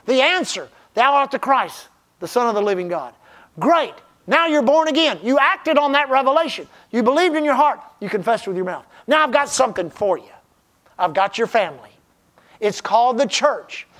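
A man preaching a sermon as pastor, stressing key phrases slowly and then dropping to a hushed tone. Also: very high-pitched.

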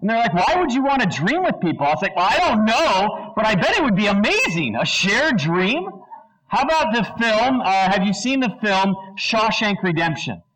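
High-voiced preacher quizzing a congregation. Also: male voice, moderate pace, rough recording. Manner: animated storyteller, asks the audience questions; brief movie-line impressions. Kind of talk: sermon.

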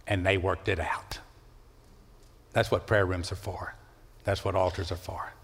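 Male pastor, impassioned sermon, big dynamic swings, long church-hall reverb. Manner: impassioned, swings from loud rising calls to low hushed lines. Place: church sanctuary.

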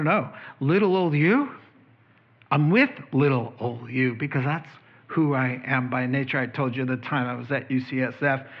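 Male pastor, sermon, chatty and lively delivery, mid-pitched voice, slightly dull lo-fi sound. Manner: conversational, animated, acts out quoted voices.

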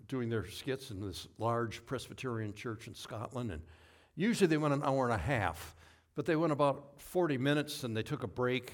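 A man giving a sermon as pastor, telling stories in a relaxed, folksy way with asides and self-corrections. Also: mid-range voice.

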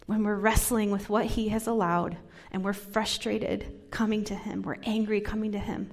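Soft-spoken woman preaching, husky tone. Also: mid-range voice, steady tone, normal speed, hardly any pauses. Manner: soft, drops into whispers for emphasis. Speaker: pastor. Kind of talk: sermon.

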